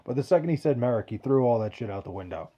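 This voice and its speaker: A man's voice: mid-range voice, animated, fast talker, warm tone, dull audio. A young man, chatting casually and profanely, rambling and restarting his sentences as he reads live chat. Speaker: podcast host reading live chat.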